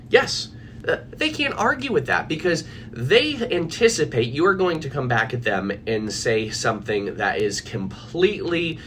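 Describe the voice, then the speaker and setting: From his office, a man who coaches people on anxiety talks casually and animatedly to viewers in a live video chat, full of fillers and restarts. His voice is medium-pitched and fairly bright, with slight background noise.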